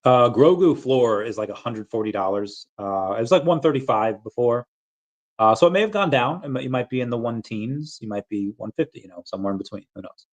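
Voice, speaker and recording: A man hosting a casual crypto livestream, rambling in a relaxed way with many fillers and bouts of hiccups. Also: mid-range voice, fairly quick. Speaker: crypto channel host.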